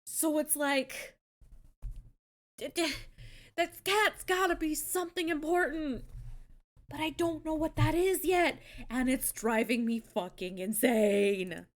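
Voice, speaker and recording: Casting: high, bright-voiced woman streamer, casual and blunt, swears freely. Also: expressive, slow pace. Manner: blunt, swears, laughs often. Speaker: streamer host. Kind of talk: casual live-stream chat.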